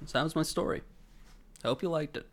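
A fast-talking man with a fairly high voice co-hosts a podcast, recapping anime and telling a long, meandering story. He animates it by acting out what each person said, all in a casual, chatty tone.

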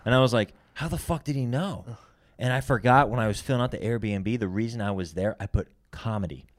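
A man's voice: on the low side, brisk, no echo. A young man chatting casually on a podcast, telling stories loosely and swearing a lot. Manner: loose storytelling, acts out quotes, swears a lot. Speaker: podcast co-host, comedian.

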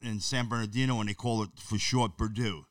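A man's voice: on the low side, fairly even intonation, quick pace, no echo, recorded from a distance. A man, telling stories bluntly and emphatically as a guest in a casual chat.

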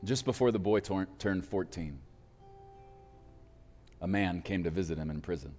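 Deep-voiced male preacher telling a story. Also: darkish tone. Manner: dramatic pauses, slowing for emphasis. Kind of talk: sermon storytelling. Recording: reverberant hall with faint music.

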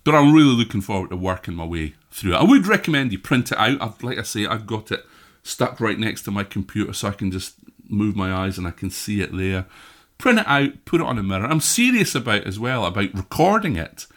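A Scottish man leads his congregation through a psalm and a prayer. His voice sits low, but his pitch rises and falls widely as he moves from solemn reading to easy, chatty asides. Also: big pitch swings, fairly bright tone. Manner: slow measured scripture reading, then chatty asides. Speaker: pastor. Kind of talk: sermon with prayer.

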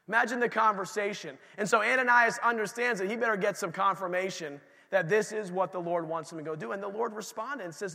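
A man's voice: high voice, fairly quick, vocal fry, few pauses, sharp tone. A man preaching a sermon in a church, telling stories in a conversational way with asides to the congregation. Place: church sanctuary. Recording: long reverb of a church hall.

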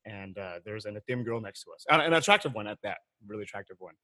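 A man chatting casually on a podcast, telling lively stories, laughing often and mimicking his brothers. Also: lowish voice, quick pace, no echo. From San Francisco Bay Area. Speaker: podcast guest.

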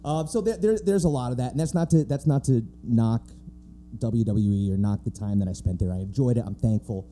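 A man appears as a wrestling referee guest on a live podcast. He talks earnestly in a very dark, warm voice and keeps restarting his sentences, with a faint hum behind him. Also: mid-range voice, brisk. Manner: earnest, stumbles and restarts often. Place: theatre stage before a live audience.

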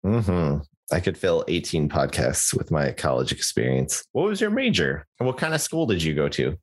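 A man's voice: extremely low pitch, big pitch swings, normal speed. A young man co-hosting a podcast, chatting casually with jokey asides and lots of fillers and restarts. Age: young adult. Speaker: podcast co-host.

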